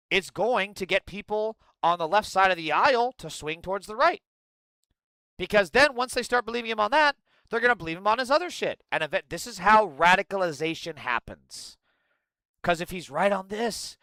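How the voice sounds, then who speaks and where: A man's voice: high-pitched, bright, forceful tone, no room sound. A man giving heated political commentary, blunt, profane and angry.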